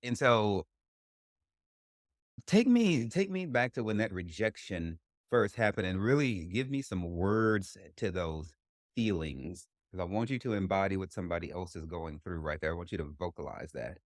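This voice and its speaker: A man's voice: sits low, lively intonation, normal speed, no echo, clean studio sound. A man hosting a podcast, asking direct, probing questions in casual slang. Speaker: podcast host. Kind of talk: interview questions.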